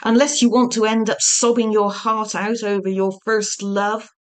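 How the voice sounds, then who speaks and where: A woman's voice: mid-range voice, level tone, moderate pace, close to an everyday voice. Woman doing Varma, a brusque fed-up officer. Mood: shouting. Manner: shouts curses and orders. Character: brusque female security officer, exasperated.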